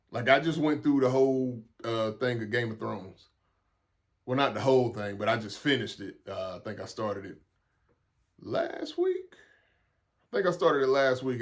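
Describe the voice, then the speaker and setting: A young South Carolina man with a Southern accent hosts a casual solo podcast, rambling frankly and with plenty of profanity. He often repeats and restarts his words. His voice is fairly low in pitch with a fairly bright tone.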